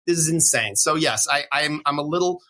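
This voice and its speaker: A man's voice: a little high, a little fast, pushed and bright. A middle-aged man, a divorce attorney co-hosting a podcast, telling a courtroom story in a worked-up rant and acting out the voices of the people in it. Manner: worked-up ranting, acts out quoted voices.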